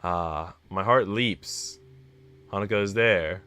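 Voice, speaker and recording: A man streaming himself reading a visual novel aloud, expressive and reacting out loud between lines. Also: sits low, takes it slowly, smooth. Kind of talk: dramatic read-aloud with commentary.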